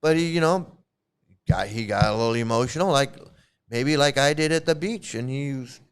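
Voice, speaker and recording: A man's voice: mid-range voice, moderate pace, smooth. A man hosting his own channel, talking in a casual, rambling way, often repeating and restarting words, blunt and profane. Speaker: commentary channel host.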